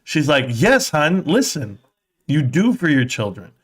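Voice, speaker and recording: A man's voice: a little high, big pitch swings, measured pace, fairly bright tone, slightly rough. A man hosting a live stream, reading viewer comments aloud and chatting casually in a rambling, joking way. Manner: reads chat aloud, rambling and jokey.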